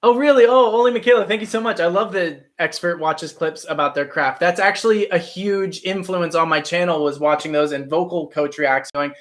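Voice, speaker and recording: A male actor runs a loose, talkative livestream, responding to chat and ribbing himself along the way. He talks a little fast with few pauses, his voice sitting high and a bit bright.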